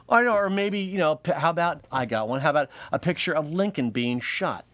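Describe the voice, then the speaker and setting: A man's voice: on the high side, big pitch swings, a little slow, a bit bright, dry recording. A man hosting a comedy show, delivering a rambling monologue and laughing at his own jokes. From United States. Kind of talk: comic monologue.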